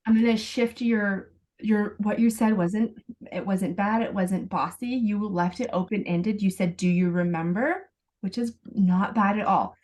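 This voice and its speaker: A woman's voice: mid-range voice, unhurried, darkish tone. A woman parenting coach on a video call, patiently explaining step by step and acting out sample phrases.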